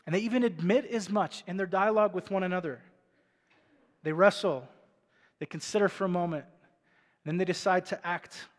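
Male pastor, sermon, conversational preacher with a high voice, recorded with a long hall reverb. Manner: conversational preaching with rhetorical questions. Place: church stage before a congregation.

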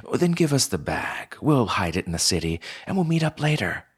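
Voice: medium pitch, big pitch swings, a little fast, husky, pitched above the performer's own voice. A man voicing a sly fox creature who coaxes the robbers to hand over the loot. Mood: coaxing.

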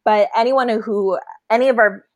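A woman's voice: on the high side, steady tone, normal speed, highs cut off. Chatty woman podcaster. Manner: chatty, many fillers and restarts. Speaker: podcast co-host. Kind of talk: casual movie discussion.

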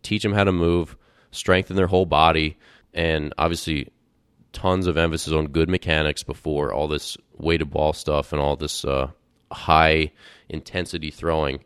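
A man's voice: rumbling low, steady tone, moderate pace, fairly bright tone, clean tone, no room sound, clean studio sound. A young man hosting a podcast, telling a candid, rambling story in a casual way with fillers and restarts. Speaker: podcast host.

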